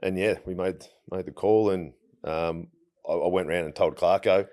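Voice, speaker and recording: Australian bloke in his 40s, very low voice, laid-back storyteller who trips over his words. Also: moderate pace. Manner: relaxed, anecdotal, frequent restarts. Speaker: guest, retired footballer. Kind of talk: casual interview storytelling.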